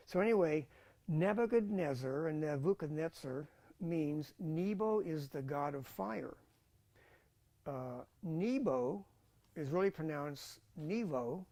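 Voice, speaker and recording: A man's voice: on the high side, warm tone. A man teaching a Bible college class in a casual lecture style, thinking aloud with fillers and restarts.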